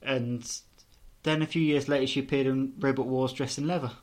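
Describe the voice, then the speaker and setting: A man's voice: mid-range voice, fairly even intonation, fairly quick. Chatty, teasing man. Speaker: podcast co-host. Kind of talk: casual chat.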